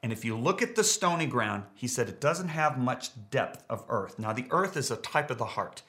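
A middle-aged pastor preaching a sermon, emphatic and repeating key words for stress. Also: male voice, mid-range voice, animated, normal speed, a bit bright.

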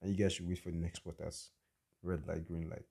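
A young adult man tells a personal story on his podcast, blunt and opinionated in a casual monologue. His voice is deep and creaky with a level tone, and he speaks fairly quickly over some background noise.

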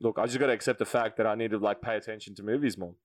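A man chatting as a quiz contestant on a podcast, excitable and swearing. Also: racing. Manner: excitable, swears, jumps up in pitch when he protests. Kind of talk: casual podcast banter.

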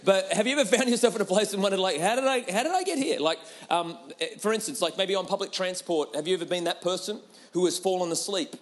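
A man's voice: sits high, quick pace, hardly any pauses. A man preaching a humorous sermon, telling a personal story with laughter and a repeated rhetorical question.

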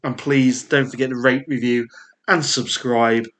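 A man with a Yorkshire accent chatting on a casual podcast in a voice of middling pitch. He rambles cheerfully through asides and laughs often. He is recorded on a podcast mic. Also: steady tone, measured pace, fairly bright tone. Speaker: podcast co-host.

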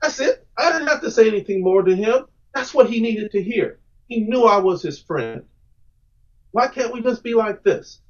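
A man's voice: high voice, animated, moderate pace, muffled recording. A man answering podcast interview questions about his comics, earnest and emphatic, often repeating words as he starts a thought. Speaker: guest comic book creator.

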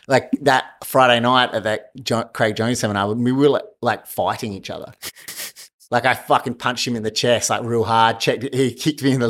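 A man's voice: medium pitch, fairly bright tone. A man telling a fight story in a casual chat, swearing and laughing often. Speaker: guest, martial arts fighter.

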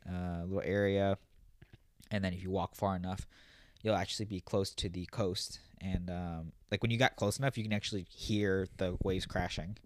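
A young man co-hosting a podcast, chatting in a relaxed, rambling way and swearing casually. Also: low voice, no room sound, studio quality. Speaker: podcast co-host. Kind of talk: casual chat.

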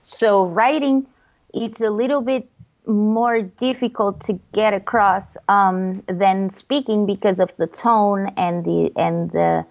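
A woman in casual chat, talking in an animated way and acting out different tones of voice. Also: mid-range voice, slow, muffled recording.

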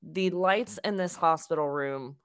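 A young adult woman co-hosting a podcast, telling a story in a casual, animated way and acting out the quotes. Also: deep voice, a little slow, smooth, dry recording, clean studio sound. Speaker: podcast co-host.

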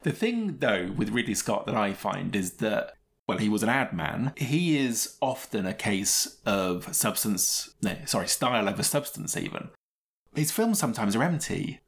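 A man's voice: on the low side, sing-song, normal speed, gravelly. A man co-hosting a podcast, giving chatty, opinionated film reviews and laughing often. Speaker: podcast co-host. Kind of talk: casual film review chat.

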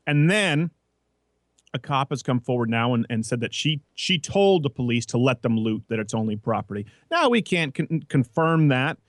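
A man hosting a casual political talk show, brash and mocking, talking fast. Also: medium pitch, very animated, no echo, clean studio sound. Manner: brash, quick, mocking, with put-on voices. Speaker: podcast host.

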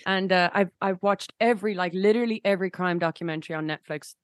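Rambling young woman with a low voice. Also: fast talker, no echo, studio quality. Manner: gushing, rambling, many fillers and restarts. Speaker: musician guest. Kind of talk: casual interview chat.

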